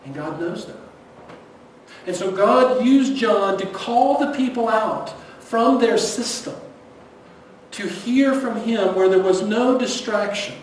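A man, a pastor preaching a sermon in a church, swinging between loud emphasis and hushed near-whispers. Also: sits high. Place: church sanctuary. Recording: echoey hall, distant mic, faint noise.

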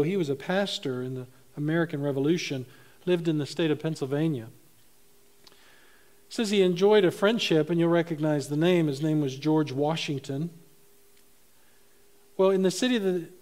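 A man preaching a sermon as pastor of his church, animated, swinging between loud emphasis and soft, low asides.

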